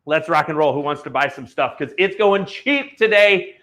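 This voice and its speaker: A man with a high, bright and forceful voice, hosting a live auction stream. He talks bluntly and heatedly, pushing products like a salesman. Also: lively intonation, moderate pace. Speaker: online auction host.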